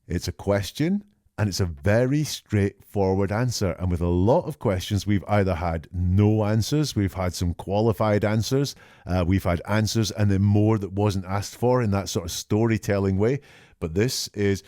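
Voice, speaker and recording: A male podcast host giving measured, reflective analytical commentary and reading out quoted lines as he goes. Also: lowish voice, dark tone, no echo, studio quality.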